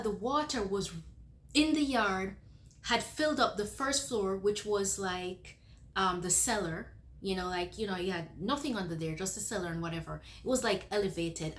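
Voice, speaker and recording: Woman vlogger retelling a dream. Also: mid-range voice. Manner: animated, acts out her own panic and excitement; earnest and soft when giving encouragement. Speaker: faith vlogger sharing dreams. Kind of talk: casual storytelling vlog.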